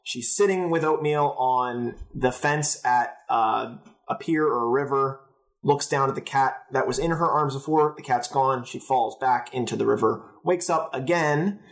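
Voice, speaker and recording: A young man co-hosting a casual podcast, walking through a plot step by step in a steady, easygoing manner. His pitch sits in the middle for a man. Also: a little slow. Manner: steady, narrating plot in order. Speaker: podcast co-host. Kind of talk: casual chat recap.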